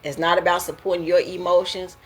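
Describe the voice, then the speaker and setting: A woman hosting a casual talk about emotions, preachy and quick to laugh. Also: on the low side, little pitch movement, husky, soft background music. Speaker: host.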